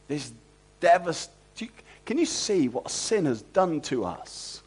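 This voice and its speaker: A man preaching an expository sermon, animated and asking the congregation rhetorical questions. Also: fairly high pitch, a little slow, breathy edge.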